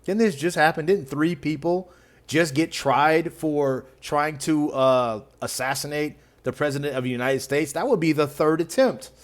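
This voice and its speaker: A man's voice: fairly high pitch, moderate pace. A man hosting a reaction video who mocks the clips with sarcasm and frequent laughter. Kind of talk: reaction commentary.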